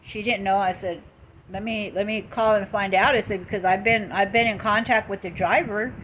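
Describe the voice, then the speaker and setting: A woman's voice: mid-range voice, fairly even intonation, moderate pace, a bit bright, highs cut off, a little hiss or hum. A middle-aged woman on a casual live stream, retelling an upsetting story in an indignant, emphatic way, with lots of repetition.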